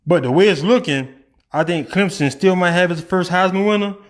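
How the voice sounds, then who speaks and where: A man giving an opinionated, animated sports rant as a vlogger, shifting between rapid bursts and drawn-out emphasis. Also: high voice.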